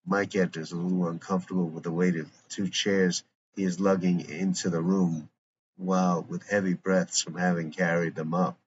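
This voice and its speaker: A man's voice: deep voice, little pitch movement, normal speed. A man narrating a script aloud, reading stage directions and scene headings plainly. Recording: muffled lo-fi with faint hiss.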